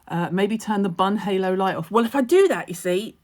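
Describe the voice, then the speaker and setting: A woman chats loosely into her phone at home during a livestream. She reads out viewers' comments and answers each one, with plenty of "um" fillers along the way. Her pitch sits in the middle for a woman. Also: animated, a little fast, darkish tone. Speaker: skincare expert answering viewer questions. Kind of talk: casual livestream chat.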